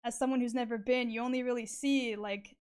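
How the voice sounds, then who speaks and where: A woman's voice: a little high, fairly even intonation, fairly quick, darkish tone, clean tone. A young woman chatting casually while drawing on stream, full of fillers, swearing and frequent laughter. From Canada.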